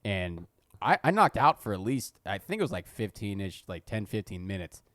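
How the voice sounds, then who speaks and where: Young man, low voice, dry close sound, rambling self-mocking storyteller, casual podcast chat. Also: big pitch swings, moderate pace, a bit bright, no echo. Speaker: podcast co-host. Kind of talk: casual chat, telling school stories. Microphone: podcast studio mic.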